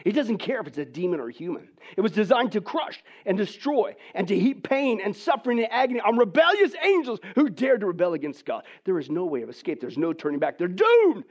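A man preaching a sermon, swinging between hushed, near-whispered lines and loud, emphatic ones, and asking the audience rhetorical questions. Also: high voice, big pitch swings, a little fast, hardly any pauses. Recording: dull lo-fi recording.

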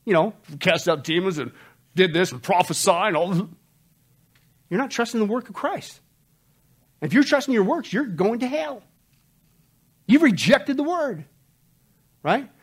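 Animated preaching man, lively high voice. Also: unhurried, pauses often, breathy edge. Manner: animated preaching, swinging from loud emphatic outbursts to low hushed warnings. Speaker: pastor. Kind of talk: expository sermon. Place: church service.

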